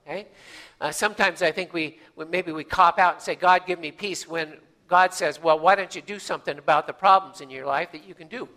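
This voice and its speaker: High-voiced bright male pastor, chatty sermon. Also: steady tone, brisk, big-room sound. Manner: folksy, conversational, many fillers and restarts.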